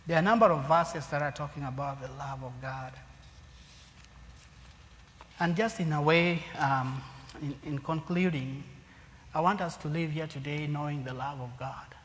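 A man with a fairly high voice preaches a sermon to his congregation. He swings from loud, emphatic lines down to near-whispers. The hall rings with a long echo under a faint hum of noise. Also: normal speed, long pauses.

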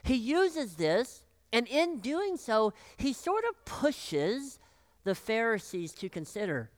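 A pastor preaching a sermon, acting out the voices of the people in the story, choked up and clearing their throat. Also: mid-range voice, drawn-out words, no room sound. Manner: animated, acts out voices of biblical figures.

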